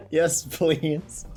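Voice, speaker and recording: A man streaming a game, asking questions in a playful, giggly way. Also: on the high side. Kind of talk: casual game stream roleplay.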